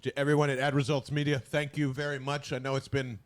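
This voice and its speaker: A male podcast host gabbing about football and food in a loose, casual way. His voice sits at an ordinary middle pitch, and he gets worked up fast, swearing freely. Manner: animated, excitable, swears freely. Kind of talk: casual sports chat.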